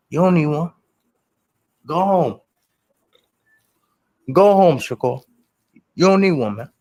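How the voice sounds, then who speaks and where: A young man hosting a casual livestream, talking straight to his chat in animated, slangy bursts. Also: a little high, takes it slowly, pauses often, rough recording. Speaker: livestream host.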